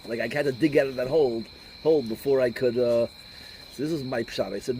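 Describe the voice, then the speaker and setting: A middle-aged rabbi talks in a combative, animated way, telling stories as he lectures. He drops Yiddish and Hebrew words as he goes. His pitch sits in a middle range, with faint noise in the background. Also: a little fast, poor audio. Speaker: rabbi giving a talk. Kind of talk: informal lecture with storytelling.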